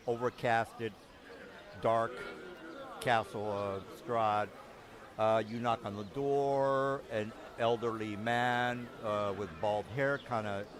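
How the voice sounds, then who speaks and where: A man narrating a tabletop game as game master, halting with many ums and restarts. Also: mid-range voice.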